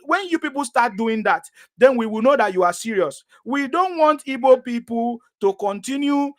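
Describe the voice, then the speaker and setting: A man's voice: very high-pitched, animated, moderate pace. A man hosting a heated live discussion who lectures insistently and repeats himself. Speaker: host.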